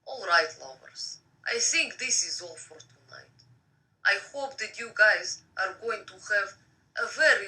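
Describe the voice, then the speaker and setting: Slow bright-voiced Russian-accented woman reading. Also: mid-range voice, lively intonation, recorded from a distance, rough recording. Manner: slow, breathy-soft reading, flirty asides to viewers. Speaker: live-stream host reading a book aloud. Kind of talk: bedtime story reading with chatty asides. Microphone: phone.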